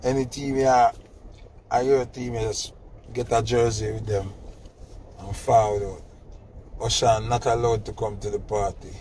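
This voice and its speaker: A man's voice: mid-range voice, little pitch movement, moderate pace, pauses often, darkish tone, a little hiss or hum. A middle-aged man, telling a story in casual chat and teasing his son with laughing mock scolding.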